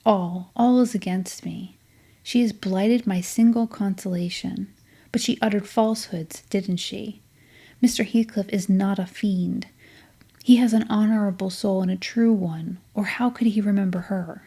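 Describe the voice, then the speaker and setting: A woman's voice: medium pitch, fairly even intonation, unhurried, mellow, slightly rough. A woman doing a tearful, lovesick girl. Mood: despairing. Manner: plaintive and wounded. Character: tearful, infatuated young woman. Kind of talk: audiobook character reading.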